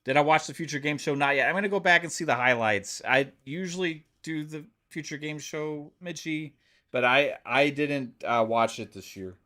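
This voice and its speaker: A man's voice: on the high side, normal speed, sharp tone. A man chatting casually on a live stream, rambling with lots of fillers and swearing freely. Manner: rambling, many fillers, profane.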